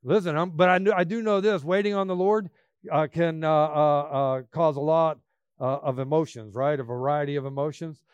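A man preaching a sermon, emphatic, swinging between loud bursts and quiet asides. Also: fairly high pitch, fairly even intonation, moderate pace, smooth, dry recording, dull audio.

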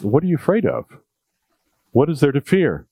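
A man's voice: a little high, wildly swooping pitch, moderate pace, dark tone, husky, no room sound. Conversational male preacher, dry sound. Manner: conversational, jokey, with emphatic repetition. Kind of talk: sermon.

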